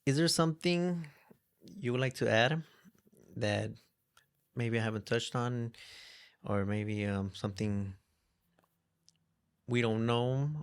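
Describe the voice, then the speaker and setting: A man's voice: mid-range voice, takes it slowly, long pauses, smooth. A man hosting an interview, asking hesitant questions and giving short encouraging replies. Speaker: interview host. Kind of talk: casual interview.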